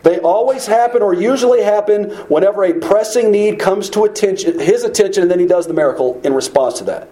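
Man, preacher, bible teaching, conversational, high voice, mellow tone. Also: fairly quick, few pauses, poor audio. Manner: conversational, with fillers and rhetorical questions.

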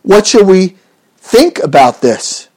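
Preacher guy, highish voice, earnest and emphatic, keeps asking questions and restarting lines. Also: big pitch swings, slow pace, darkish tone. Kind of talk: expository sermon.

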